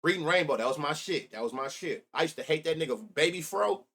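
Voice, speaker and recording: His high-ish voice is expressive, quick and fairly bright as this middle-aged man hosts a sports betting stream. The talk is casual and profane, a mix of reminiscing and reacting to what his chat says.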